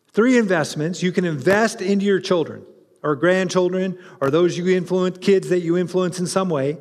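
Brief: pastor, man, high voice, lively conversational preaching, long reverb of a church hall. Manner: animated, conversational, with restarts and asides to the congregation. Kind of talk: sermon.

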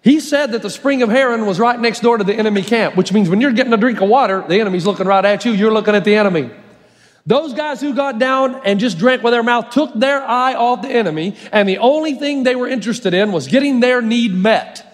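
A man with a high voice preaches a sermon, telling the story in a lively way with humor and acted-out voices. His voice carries a long reverb from a large hall. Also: brisk. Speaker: pastor.

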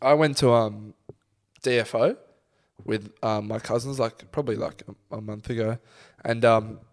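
A young man co-hosting a casual podcast chat, animated, swearing and laughing often. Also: mid-range voice, moderate pace. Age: young adult. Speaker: podcast co-host.

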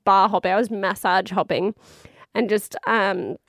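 An Australian woman in her thirties tells a personal story in a loose, candid way. She swears freely, laughs often and keeps things chatty. Her voice sits at an ordinary pitch and sounds close and dry. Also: steady tone, a little slow, fairly bright tone, no room sound.

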